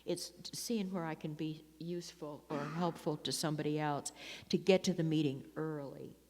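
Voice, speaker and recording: A woman's voice: sits low, fairly even intonation, moderate pace, a little mellow. A woman giving a personal talk at a recovery meeting, telling rambling stories with frequent laughs and restarts. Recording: long hall reverb.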